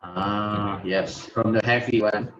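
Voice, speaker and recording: A man's voice: lowish voice, steady tone, fairly bright tone, dull audio. A male student in a language lesson, answering briefly and hesitantly. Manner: short acknowledgements, slow and hesitant.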